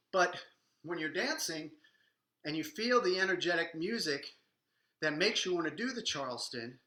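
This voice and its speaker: A man's voice: on the high side, pushed and bright, roomy sound, rough recording. A man teaching a live online dance lesson, coaching and counting out beats while he dances, a little out of breath. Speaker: swing dance instructor.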